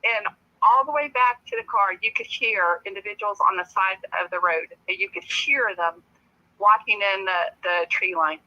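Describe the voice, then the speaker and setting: A woman guest telling a personal story in a casual, lively way, laughing often as she talks. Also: mid-range voice, normal speed, dull audio.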